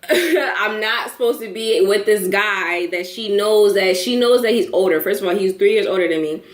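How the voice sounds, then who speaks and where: A young woman tells a wild story to camera with lots of swearing and lively, expressive delivery. Her voice sits at an ordinary pitch, and the room around her rings with echo. She laughs her way through the telling. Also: moderate pace. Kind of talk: casual storytime. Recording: echoey room.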